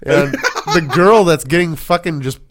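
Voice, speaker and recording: A man telling stories as a podcast guest, tipsy, swearing and laughing loudly. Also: fairly high pitch, normal speed. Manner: animated storyteller, loud laughs, swears a lot. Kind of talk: casual chat.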